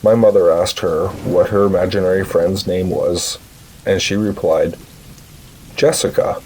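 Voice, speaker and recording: A man narrating short horror stories in a slow, measured storytelling voice. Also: low voice, fairly even intonation, darkish tone, slight background noise, poor audio.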